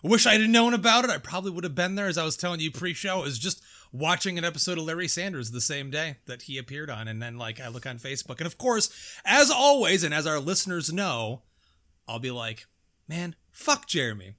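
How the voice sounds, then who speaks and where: A man's voice: fairly high pitch, expressive, quick pace, sharp tone. A man co-hosting a horror podcast in casual, profane chat. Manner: laid-back, profane, enthusiastic. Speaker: podcast co-host.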